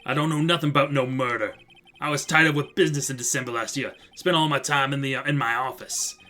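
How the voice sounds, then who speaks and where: A man voicing a brash, hot-tempered loan-shark thug in a video game, talking loud, gruff and ungrammatical. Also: mid-range voice, steady tone, a little fast, lightly acted. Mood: blustering. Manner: loud, gruff, threatening, ungrammatical street talk. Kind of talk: reading game dialogue aloud.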